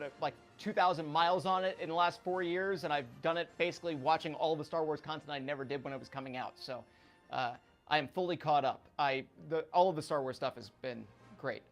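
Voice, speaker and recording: A man from South Florida, a guest analyst chatting casually on a radio show, telling animated stories. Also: on the high side. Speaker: sports betting analyst guest. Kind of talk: casual chat.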